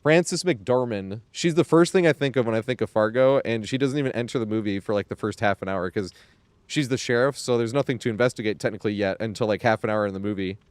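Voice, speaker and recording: A man streaming games and chatting casually, rambling with lots of fillers and quick laughs. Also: lowish voice, smooth, no room sound. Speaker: game streamer. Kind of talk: casual live-stream chat.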